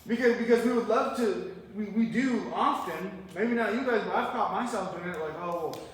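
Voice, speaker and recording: A man preaching a verse-by-verse sermon, his voice sitting high for a man. He keeps it conversational and tosses rhetorical questions at the congregation. The sound is distant and bathed in heavy hall echo, with faint room noise underneath. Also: moderate pace. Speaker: pastor. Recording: echoey hall, mic far off.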